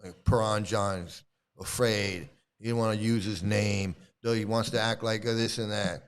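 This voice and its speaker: A man's voice: lowish voice, steady tone, a little slow, vocal fry, clean tone. A middle-aged man hosting his own channel, ranting angrily and swearing at commenters in a confrontational, profane way. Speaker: YouTube channel host. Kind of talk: profane live-stream rant.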